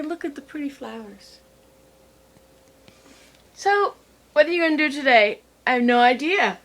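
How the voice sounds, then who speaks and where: A woman's voice: sits high, fairly bright tone, a little hiss or hum. A woman vlogging casually from home and garden, chatting in a meandering way to the camera and to herself. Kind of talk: casual rambling vlog.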